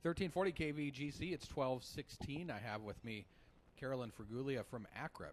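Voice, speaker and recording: A man hosting a live local radio show, chatty and relaxed, sometimes stumbling over his words. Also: mid-range voice, a little fast. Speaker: radio host. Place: hotel lobby broadcast.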